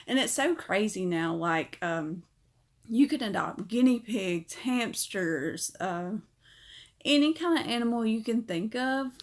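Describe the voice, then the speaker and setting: A woman in her thirties with a Southern accent, chatting casually on a livestream and reading comments out loud. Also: animated, unhurried. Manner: chatty, upbeat, talks to her parrot in a high voice. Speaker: livestream host.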